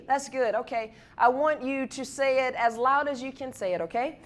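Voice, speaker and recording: High-voiced woman rallying a crowd. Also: fairly quick, hardly any pauses, a little hiss or hum. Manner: repeats phrases, builds to shouted calls. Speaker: guest speaker. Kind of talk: motivational speech leading a crowd chant. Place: hall at a university event.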